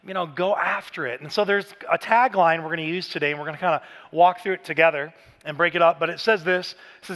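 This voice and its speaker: A man in his thirties preaching a Father's Day sermon, casual and animated, telling stories with bursts of shouting. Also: fairly high pitch, quick pace. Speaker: pastor. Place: large church auditorium. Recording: church hall reverb.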